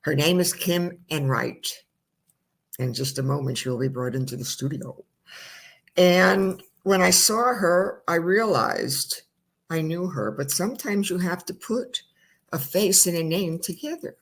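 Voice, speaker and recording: Gravelly, husky woman chatting as host. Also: fairly low pitch, expressive, measured pace. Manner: chatty, rambling storyteller. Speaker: talk show host. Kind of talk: casual chat. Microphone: streamed studio mic.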